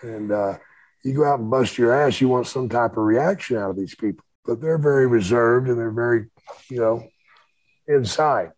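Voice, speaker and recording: Older man, husky and dry, profane storyteller co-hosting, casual and rambling. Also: mid-range voice, normal speed, a little mellow, no room sound, rough recording. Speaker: co-host, former wrestler.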